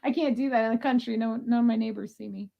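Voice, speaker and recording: A woman's voice: fairly high pitch, fairly even intonation, fast, gravelly, highs cut off. A woman co-hosting a live sale, chatting casually and laughing often. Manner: giggly, chatty. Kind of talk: casual chat.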